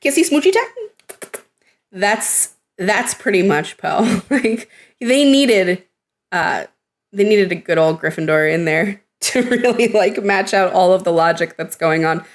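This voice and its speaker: A woman co-hosting a podcast in casual chat, animated, laughing often and acting out characters' lines. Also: lowish voice, measured pace. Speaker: podcast co-host.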